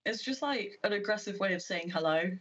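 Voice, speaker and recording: A British woman chatting casually as a guest, explaining things in a relaxed way. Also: mid-range voice, brisk, dull audio. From United Kingdom. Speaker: guest co-host. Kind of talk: casual chat.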